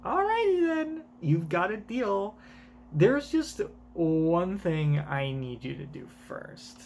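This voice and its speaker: A man's voice: sits high, sing-song, slow, darkish tone, slight background noise, pitched above the performer's own voice, exaggerated voice. A man voicing a coy, scheming young woman scientist in a teasing, sing-song voice while reading a manga aloud in voices. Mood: wheedling.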